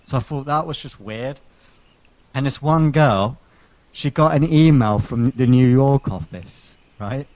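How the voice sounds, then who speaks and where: A man's voice: mid-range voice, measured pace, dry recording. Sarcastic man ranting. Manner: animated, sarcastic storytelling with swearing. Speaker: podcast co-host telling a story. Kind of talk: casual chat, venting anecdote. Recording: dull lo-fi sound.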